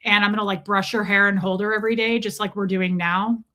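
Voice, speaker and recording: A woman's voice: medium pitch, level tone, fast, bright, forceful tone. A woman hosting a casual livestream, reading viewer comments aloud and answering them in a chatty, profane, teasing way. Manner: playful exaggerated teasing. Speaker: livestream host.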